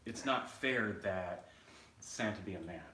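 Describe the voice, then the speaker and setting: A podcast co-host with a lowish voice speaks a little slowly in a pushed, bright tone. In casual chat he's blunt, opinionated, and swears freely, and the recording has roomy echo, a distant mic, and faint noise.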